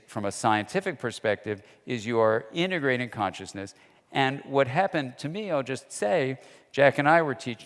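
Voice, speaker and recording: Man lecturing in a reverberant hall. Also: mid-range voice. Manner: conversational storyteller, acts out quoted dialogue. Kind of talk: lecture with anecdotes.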